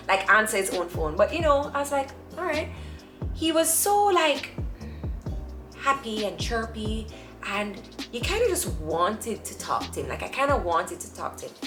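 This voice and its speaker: A young Jamaican woman telling her own story in a chatty, animated way, acting out the voices of people she quotes. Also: medium pitch, normal speed. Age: young adult. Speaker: vlogger. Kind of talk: casual personal storytelling. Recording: echoey room with faint music.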